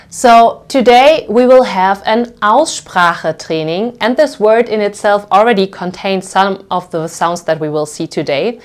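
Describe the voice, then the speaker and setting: Woman teaching pronunciation, patient "okay?" checks. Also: mid-range voice. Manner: patient, explains slowly with frequent "okay?" checks; demonstrates sounds by stretching them out. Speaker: language teacher. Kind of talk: pronunciation lesson.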